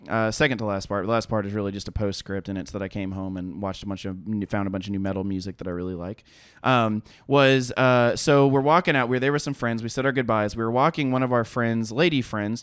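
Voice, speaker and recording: Here a podcast co-host in his thirties narrates a story amid easygoing conversation, animated and profane, breaking into laughter and dramatizing what people said. His voice is mid-range, and the sound is clean studio audio without any room sound.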